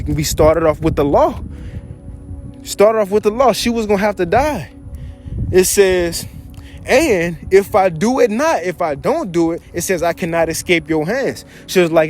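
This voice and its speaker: A man giving casual scripture teaching, reading verses aloud and then retelling them in loose slang, animated and quick to chuckle. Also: high voice. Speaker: bible teacher.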